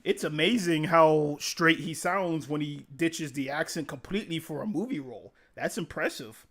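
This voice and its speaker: Higher-pitched man chatting on stream. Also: moderate pace, a bit bright. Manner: profane, laughs often, rambling game talk. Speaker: live streamer. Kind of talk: casual live-stream chat, reading chat comments.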